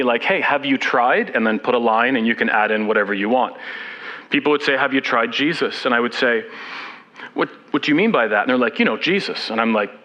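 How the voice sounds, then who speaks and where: A man's voice: medium pitch, pushed and bright, low-quality recording. A middle-aged man speaking at a church, sharing his own story candidly with touches of self-deprecating humor, seated as he talks. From Canada. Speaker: guest speaker. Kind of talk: church talk with personal story. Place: church sanctuary.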